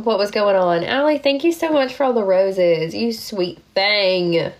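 A woman's voice: mid-range voice, a little slow. A young woman, sick and tired, chatting casually on a phone livestream, thanking viewers with lots of fillers.

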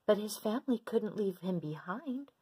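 A woman voicing a gentle, patient mother shark in a storybook, soothing and kind. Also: medium pitch, expressive, normal speed, slightly rough, pitched above the performer's own voice.

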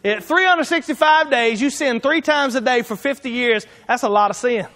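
High-voiced preacher in an echoing hall. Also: male voice, normal speed, a bit bright. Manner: folksy, emphatic, repeats points. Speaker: pastor. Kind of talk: sermon.

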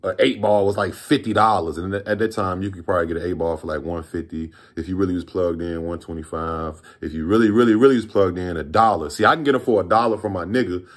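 A man in his thirties from Virginia rambles through a storytime vlog, relaxed and full of slang and swearing. His voice sits on the low side for a man. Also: quick pace, hardly any pauses. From Virginia, USA. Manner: rambling, laid-back, profane slang. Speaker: vlogger telling a story.

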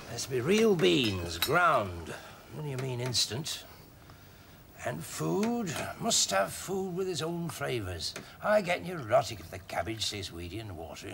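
A frail husband in an old tv drama, slowly savouring each word. His voice carries a gravelly edge, and the pitch rises and falls expressively as he muses. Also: animated, fairly bright tone, slight background noise. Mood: reflective. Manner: reflective, lingering over words. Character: ailing husband savouring simple tastes. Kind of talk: 1970s television drama.

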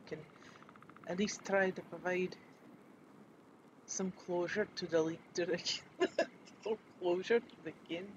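A man's voice: high-pitched, fairly even intonation, measured pace, long pauses, muffled recording, background noise. A man voicing a grim furbolg quest-giver in a put-on Scottish accent, reading quest text aloud. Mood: solemn.

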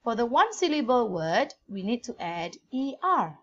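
A woman's voice: a little high, sing-song, moderate pace, a bit bright, lo-fi sound. A woman with a Malaysian English accent teaching a grammar lesson, spelling words out letter by letter.

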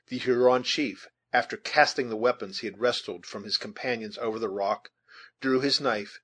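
Husky-voiced male audiobook narrator. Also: medium pitch, a bit bright. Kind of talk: audiobook reading.

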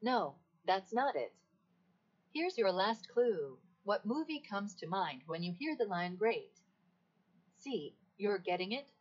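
A synthetic woman's voice playing a polite, playful female AI voice assistant, with a breathy tone and even, polished delivery. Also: medium pitch, slow, full character voice. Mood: cheerful. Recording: dull lo-fi recording of a device speaker.

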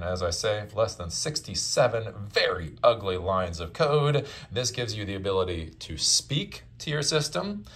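A man's voice: low voice, a bit bright. A man hosting a casual tech demo, explaining things loosely with frequent fillers and restarts. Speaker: host.

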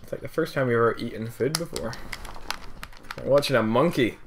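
A man's voice: mid-range voice, brisk, background noise. A young man, teasing his friend with sarcastic remarks while they play. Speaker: co-host gamer. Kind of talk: casual let's play banter.

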